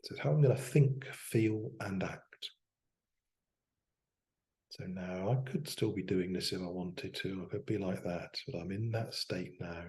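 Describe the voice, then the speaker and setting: A man demonstrating self-hypnosis aloud as a coach, talking himself through slow, soft affirmations. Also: sits low.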